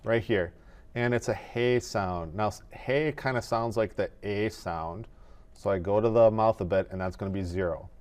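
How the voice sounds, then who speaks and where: A man teaching animation in a screen-recorded tutorial, explaining each step in a methodical, relaxed way. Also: fairly low pitch, moderate pace.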